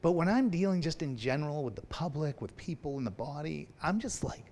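A man's voice: a little high, animated, fairly quick, hardly any pauses, a little mellow, a little hiss or hum. A man preaching a sermon to his congregation in a conversational way, asking them questions as he goes. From Anglican family background. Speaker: minister.

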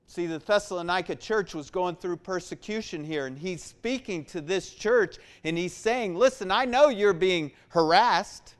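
A man's voice: high voice, measured pace, few pauses, clean tone. A man preaching a sermon to his church, repeating words for emphasis and building in force. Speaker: pastor.

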